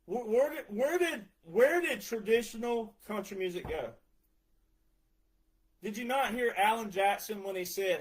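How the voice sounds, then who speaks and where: A man's voice: high-pitched, lively intonation, moderate pace, rough recording. A man, a retired veteran ranting sarcastically in a heated monologue. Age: 40s. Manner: ranting, sarcastic, mocks others in put-on voices. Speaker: retired veteran ranting about country music.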